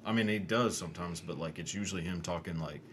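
A man's voice: low-pitched, fast. A man in casual podcast chat who talks in a laid-back way, swearing and joking. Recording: clear background noise.

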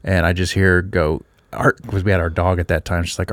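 Man, low voice, dry close sound, relaxed rambling podcast talk. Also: fast, no room sound. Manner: relaxed, rambling, laughs often. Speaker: podcast co-host. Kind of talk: casual podcast chat.

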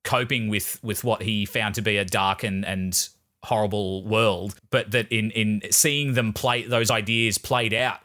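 A man's voice: fairly low pitch, fairly even intonation, measured pace, pushed and bright. A man in a casual film discussion, thoughtful, often repeating words as he searches for the point.

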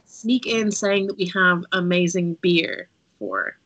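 A woman's voice: fairly low pitch, sing-song, takes it slowly, a bit bright, lo-fi sound. A woman playing in a tabletop game, hedging and giggling as she chats casually. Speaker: player. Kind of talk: casual chat.

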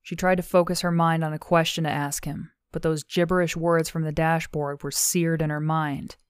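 A woman reads a novel aloud in measured, steady narration. Her voice sits low and smooth, and the sound is dry and close to the mic. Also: no room sound. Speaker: audiobook narrator. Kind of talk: scripted audiobook narration.

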